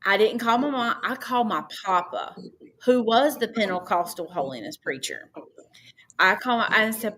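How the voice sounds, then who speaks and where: A woman, a podcast guest telling personal stories in a casual, animated way and acting out her own past dialogue. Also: mid-range voice, moderate pace. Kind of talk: casual storytelling.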